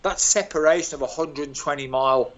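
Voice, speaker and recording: A man in his sixties tells lively, self-mocking stories as an interview guest, his voice sitting a bit high for a man. The sound is dull and lo-fi, like audio from a call. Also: fairly quick. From England, Birmingham. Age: 60s. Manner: animated, self-mocking anecdotes. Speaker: guest, former footballer. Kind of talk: storytelling interview.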